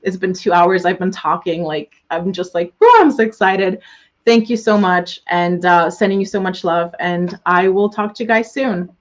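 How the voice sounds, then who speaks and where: Young woman, online coach, gushing, excitable, swearing, live webinar, slightly muffled audio. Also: lowish voice, normal speed, hardly any pauses.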